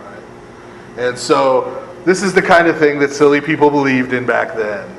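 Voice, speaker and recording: Priest teaching in an echoey hall. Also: male voice, medium pitch, measured pace, a bit bright. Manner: conversational, keeps asking "right?", laughs often; sarcastic asides. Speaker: priest teaching Bible study. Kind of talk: Bible study lecture. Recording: echoey room, long reverb, faint air conditioning hum.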